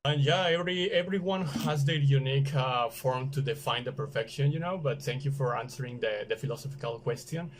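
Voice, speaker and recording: A man's voice: medium pitch, brisk, hardly any pauses. Hesitant male host. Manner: hesitant, many fillers, searching for words. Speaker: podcast host. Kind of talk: casual interview chat.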